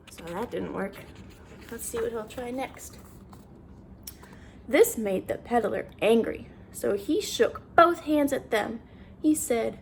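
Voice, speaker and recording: Lively woman reading a storybook aloud. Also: a little high, slow pace, gravelly, slightly rough. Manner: animated, asks the listener questions. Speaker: children's story reader.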